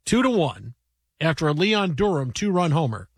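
Animated high-voiced male radio host. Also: moderate pace, vocal fry, husky, no room sound, clean studio sound. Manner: animated storyteller, acts out quotes loudly. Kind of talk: casual sports talk banter.

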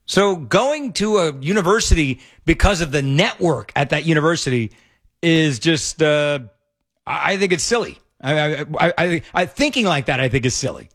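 A man's voice: on the high side, expressive, normal speed, a bit bright. A man hosting a talk radio show, opinionated and laughing often. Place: radio studio.

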